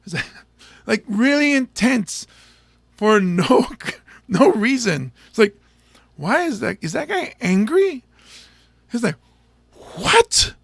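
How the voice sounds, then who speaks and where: Gravelly-voiced joking comedian host. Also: male voice, very high-pitched, very animated, no room sound. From Samoa. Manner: rambling, joking, quick to laugh. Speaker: stand-up comedian hosting a show. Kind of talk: casual chat to an audience.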